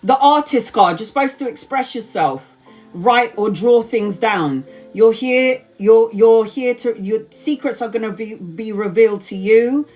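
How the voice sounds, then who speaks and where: A woman in her forties, her voice a little high, tells a story with frequent laughter and plenty of swearing. She talks at a slow, unhurried pace, with faint music playing behind her. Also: a little mellow. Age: 40s. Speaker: tarot reader. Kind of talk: casual live-stream storytelling.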